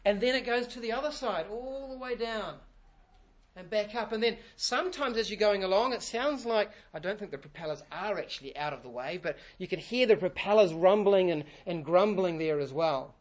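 A man's voice: high voice, moderate pace. A man preaching a sermon in a church, earnest and repeating key phrases for emphasis. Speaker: pastor.

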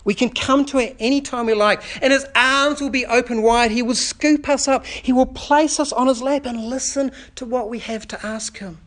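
A pastor preaches earnestly at a church service in a very high-pitched, steady voice, at normal speed with hardly any pauses. He often drops into a soft, quiet delivery and builds momentum through repeated rhetorical questions.

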